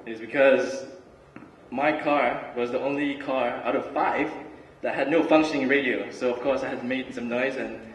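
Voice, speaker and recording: A young man giving a relaxed, chatty student talk with lots of fillers and restarts. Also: medium pitch, normal speed, a little hiss or hum. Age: young adult. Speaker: student speaker. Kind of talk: casual student talk and spoken word. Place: large hall. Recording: roomy hall recording from far off.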